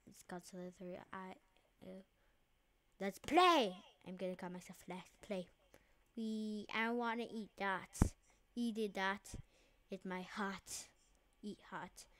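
A woman hosting her own channel, giving casual gameplay commentary in a playful way that swings between quiet mumbling and excited outbursts. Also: medium pitch, slow pace. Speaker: channel host.

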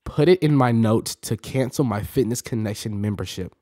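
A man's voice: fairly low pitch, moderate pace, mellow, no echo. A young man hosting a reaction video, rambling casually to his viewers and laughing often.

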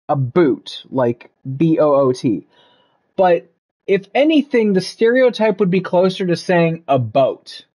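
A man's voice: high voice, mellow. A Canadian man chatting casually while streaming a game, swearing constantly and laughing at his own stories. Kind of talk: casual chat while gaming.

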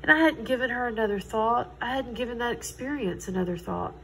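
A woman's voice: on the high side, animated, a little fast, a bit bright, a little hiss or hum, low-quality recording. Earnest woman telling a faith testimony. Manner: earnest, conversational, quotes others in dialogue. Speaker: Christian testimony speaker. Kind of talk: personal testimony storytelling.

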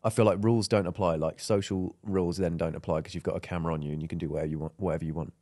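A young man telling stories on a podcast in a fairly low voice. He rambles, fills gaps with ums, and laughs often as he goes. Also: fairly even intonation, racing, dark tone. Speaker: podcast co-host. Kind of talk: casual chat.

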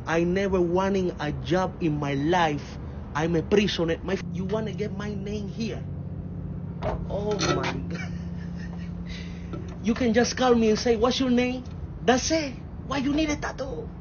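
A man's voice: sits high, a little slow, long pauses. A blunt, sarcastic immigrant dad with a heavy Spanish accent, played by a man for a comedy skit. He mangles his English while roasting his kid, chuckling at his own jabs. The recording is a little dull, like a phone mic, with a faint hum of room ambience behind it. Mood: mocking. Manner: broken English, sarcastic scolding, chuckling asides. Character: blunt, hot-tempered Latino immigrant dad. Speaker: comedy sketch creator.

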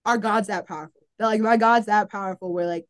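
Talking fast in a mid-range voice, a young woman who plays college volleyball shares her faith journey as a podcast guest. She's earnest yet casual, uses "like" a lot, and voices the thoughts she used to have.

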